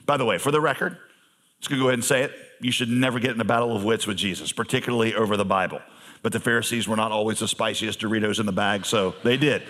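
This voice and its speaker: A male pastor preaching a sermon in a conversational manner, with humorous asides and emphatic pauses. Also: fairly low pitch, steady tone, fairly bright tone.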